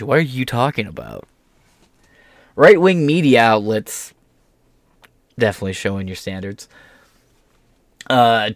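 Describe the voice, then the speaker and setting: A man hosting political commentary, reading news articles aloud and breaking off into crude, sarcastic asides, swinging between slow, careful reading and quick jokes. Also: mid-range voice, dry recording, studio quality. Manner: sarcastic and crude, laughing at his own jokes.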